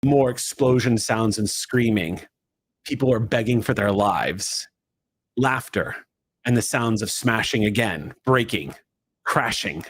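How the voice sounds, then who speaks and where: A man's voice: on the low side, takes it slowly, husky. A man as game master, giving dramatic second-person narration for a tabletop role-play, shifting his pace from swift to drawn out.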